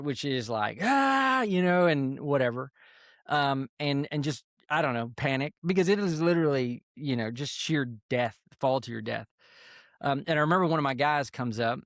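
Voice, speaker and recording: A man, an army veteran guest on a podcast, calmly telling a story in a relaxed, unhurried way. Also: medium pitch, vocal fry, dry recording, studio quality. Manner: calm, unhurried storyteller with fillers. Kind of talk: casual storytelling interview.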